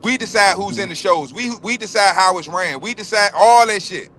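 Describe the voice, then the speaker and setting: A man's voice: high voice, moderate pace, fairly bright tone. A man on a livestream panel, giving a heated, profane, blunt rant and repeating himself for emphasis. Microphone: remote livestream call.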